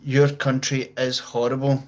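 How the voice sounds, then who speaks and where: Speaking at a medium pitch with little variation and a slightly slow pace, this Scottish livestreamer from near Glasgow jokes, swears and rambles as he reads out comments. He's at home beside a guitar and amp, and the audio is rough.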